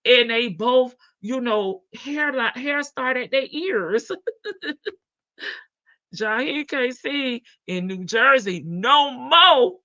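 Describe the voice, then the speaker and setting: A woman's voice: a little high, animated, takes it slowly, sharp tone, no echo. A woman with a Southern American accent hosting a livestream, chatting casually and folksily with viewers, laughing and calling them baby and child. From Southern United States. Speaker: livestream host. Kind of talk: casual gossip chat with viewers. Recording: dull lo-fi stream audio, dry.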